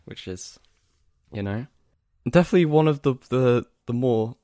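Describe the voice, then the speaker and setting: A man's voice: medium pitch, animated, normal speed, dark tone. A young man co-hosting a podcast, rambling in casual chat with lots of fillers and easy laughs. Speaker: podcast co-host.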